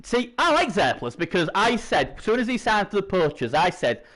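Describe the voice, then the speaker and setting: A man doing chatty live video game commentary, swinging from low muttering to excited shouts. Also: moderate pace. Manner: chatty, opinionated, talks to himself.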